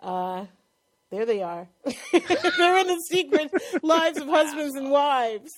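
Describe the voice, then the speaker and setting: A woman with a New York accent co-hosting a casual chat about TV shows, chatty and quick to laugh. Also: high-pitched, lively intonation. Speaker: podcast co-host.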